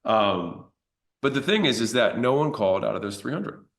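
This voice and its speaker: A man's voice: mid-range voice, normal speed. A man telling a story about his business in a casual, blunt way, swearing now and then. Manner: blunt, conversational, with occasional swearing; animated retelling of his own past.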